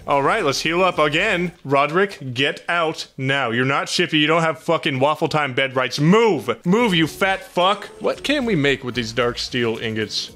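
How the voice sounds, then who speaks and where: A young man giving profane, jokey Let's Play commentary, often yelling at the game. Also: on the high side. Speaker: gaming YouTuber.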